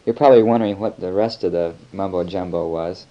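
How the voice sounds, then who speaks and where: Young american guy, low mellow voice, chatty taped letter home, muffled with a bit of hiss. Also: quick pace. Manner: easygoing, rambling, chatty. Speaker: missionary. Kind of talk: spoken audio letter. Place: missionaries' flat. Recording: lo-fi home tape with faint hiss.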